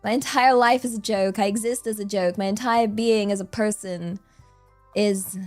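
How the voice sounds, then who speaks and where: A woman's voice: mid-range voice, steady tone, moderate pace, faint music behind. A bubbly, giggly woman from the United States chatting casually as a live streamer from home on a good microphone, dropping in Japanese words. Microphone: good desk microphone.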